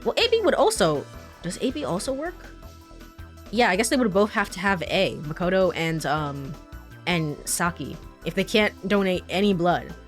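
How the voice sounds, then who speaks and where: Brief: chatty young female streamer, low-ish voice, faint game music under. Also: big pitch swings, normal speed. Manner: chatty, laughing asides. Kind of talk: let's play commentary.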